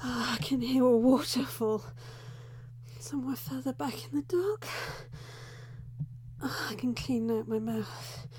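A woman playing a flustered young undercover reporter in a whispered role-play, breathy and frantic, who keeps scolding herself and blurting curses. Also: fairly high pitch, a little slow, pauses often, a little mellow, no echo.

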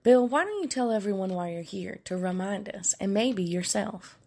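A woman's voice: medium pitch, animated, normal speed, gravelly, dark tone. A woman playing a stern, exasperated support group leader in a comedy sketch.

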